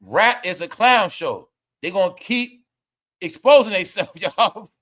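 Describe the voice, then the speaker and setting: A young man hosting a live gossip commentary stream, loud and laughing, often calling out to viewers. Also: sits high, animated, a little slow. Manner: loud, laughing, repetitive, addresses viewers as y'all. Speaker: commentary host.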